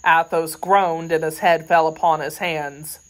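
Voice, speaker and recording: A woman narrates a classic adventure novel with steady, even delivery. Her voice sits fairly low for a woman and keeps an unhurried reading tone. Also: poor audio. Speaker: audiobook narrator. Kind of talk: scripted narration.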